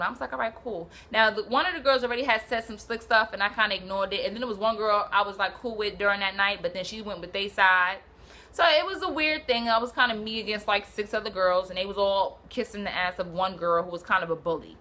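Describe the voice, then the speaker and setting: Bright-voiced New woman telling a story. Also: mid-range voice, a little fast. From Brooklyn, New York. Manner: animated, swearing, slangy, acts out quotes. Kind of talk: casual storytelling.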